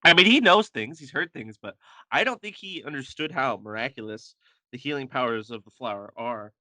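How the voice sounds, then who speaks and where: Man, podcast co-host, crude jokes, lively bouncing voice, dry close sound. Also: mid-range voice, brisk, dry recording. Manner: joking, crude, laughs often. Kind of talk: casual comic book chat.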